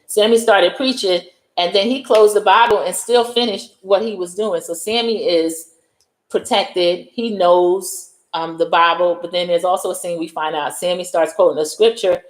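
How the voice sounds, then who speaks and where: A woman's voice: fairly low pitch, fairly even intonation, moderate pace. A woman with a New York accent retelling a movie scene by scene in casual chat, acting out the characters' lines as she goes. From United States. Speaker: host. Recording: echoey room.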